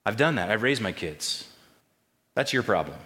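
A male pastor preaching a sermon in a church and pausing to ask the congregation questions. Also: fairly low pitch, expressive, sharp tone, big-room sound. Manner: call-and-response questions to the congregation. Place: church sanctuary.

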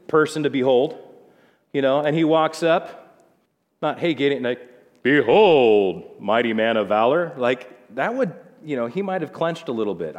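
A man preaching a conversational Bible sermon, acting out quoted lines with changing voices. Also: fairly high pitch. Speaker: pastor. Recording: long hall reverb.

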